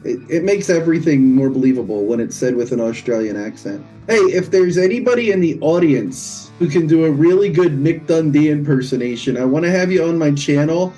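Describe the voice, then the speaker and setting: A man hosting a podcast, chatting casually in an animated, joking and sarcastic way. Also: a little high, rough recording. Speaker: podcast host. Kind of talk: casual chat.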